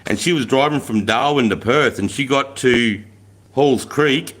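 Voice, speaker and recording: This is a blunt Australian man in his forties, chatting on his own livestream and answering viewers. He swears freely and slips into slangy, rambling stories. His voice sits at an ordinary middle pitch for a man. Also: measured pace, fairly bright tone. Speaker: livestream host. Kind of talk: casual livestream chat, reading comments.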